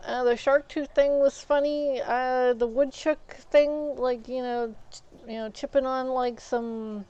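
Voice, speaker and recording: Chatting casually over a game on stream, a woman rambles through animated stories and performs the voices of the people she quotes. She speaks high-pitched and a little slowly, in a smooth voice, with the highs cut off.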